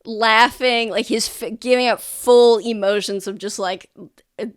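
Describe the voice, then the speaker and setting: A woman's voice: fairly high pitch, fairly even intonation, unhurried, smooth, dry recording, clean studio sound. A woman narrating a tabletop game as game master, loose and full of fillers.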